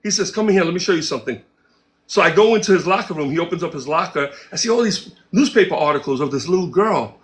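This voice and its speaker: A man guest in an interview, telling a story in a casual, animated way and acting out the quoted dialogue. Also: on the high side, fast. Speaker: interview guest, music producer.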